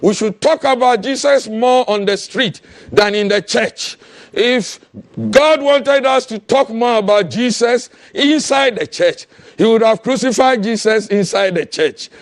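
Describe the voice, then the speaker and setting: A man preaching a fiery sermon, impassioned and often shouting, with repeated calls to the congregation. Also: very high voice, unhurried, no room sound.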